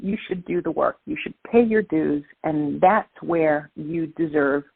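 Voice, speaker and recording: A woman's voice: low voice, a little slow, gravelly, breathy edge, no room sound. A woman from Brooklyn with a Brooklyn accent, speaking emphatically and motivationally as a guest calling into an interview. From Brooklyn, New York. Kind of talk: phone-in interview. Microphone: phone. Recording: dry, tinny phone line.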